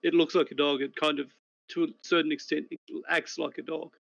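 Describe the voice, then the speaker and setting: A man narrating as game master of a tabletop game, describing scenes in a measured way. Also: fairly high pitch, level tone, gravelly, fairly bright tone, muffled recording.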